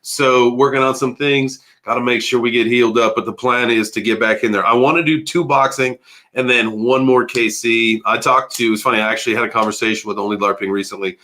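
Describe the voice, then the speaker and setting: A man in his early forties hosting a casual crypto livestream, rambling and animated, chatting with viewers and swearing freely. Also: mid-range voice, brisk. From United States. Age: 40s.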